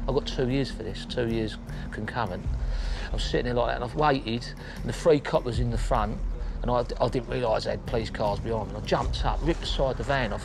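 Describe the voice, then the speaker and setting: A plain-spoken man spins a rough tale in his own words, cursing freely and jumping into quick voices for the people in it. His pitch sits mid-range, with a faint hiss of noise behind him. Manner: blunt, swearing, acts out scenes with quick quoted voices. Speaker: interviewee recounting his crimes. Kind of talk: casual storytelling.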